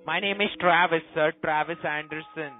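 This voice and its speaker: A man's voice: on the high side, fairly even intonation, moderate pace. A man answering as a call center agent, then trading heated insults in broken phrasing. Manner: scripted greeting turning to angry insults. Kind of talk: heated phone argument. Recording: tinny phone line, faint music.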